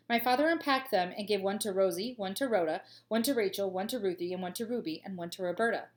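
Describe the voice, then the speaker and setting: Teacher lady reading a kids' chapter book, expressive, middle pitch. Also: fast talker, hardly any pauses. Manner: clear, expressive storytelling with playful asides. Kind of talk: children's storybook read-aloud.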